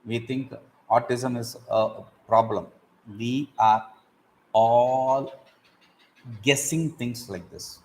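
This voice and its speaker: Animated man teaching scripture. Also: medium pitch, slow, pauses often, low-quality recording. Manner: animated, acts out examples, chants Sanskrit verses. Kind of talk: explaining Sanskrit verses in a class.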